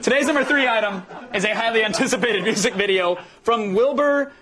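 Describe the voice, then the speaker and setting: A man's voice: sits high, fairly quick, bright, forceful tone, a little hiss or hum. A man co-hosting a TV show, bantering in a goofy, self-mocking way and laughing often. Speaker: TV show co-host. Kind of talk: joking studio banter.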